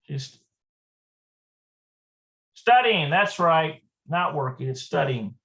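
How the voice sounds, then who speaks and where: A Hebrew teacher gives a live online lesson, thinking aloud hesitantly and slowly repeating words. The voice is medium-pitched and a bit bright, with lively intonation.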